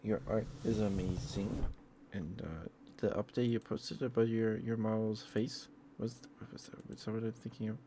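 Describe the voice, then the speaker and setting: A sleepy, yawning man streaming ASMR, chatting gently and affectionately with his viewers in a soft-spoken way. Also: on the low side, steady tone, normal speed, noisy background.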